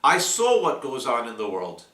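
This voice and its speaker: A man giving a slow, deliberate weekly Torah portion talk, reading Hebrew verses and explaining them. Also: medium pitch, wildly swooping pitch, fairly bright tone, echoey room, far from the mic. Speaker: Torah teacher.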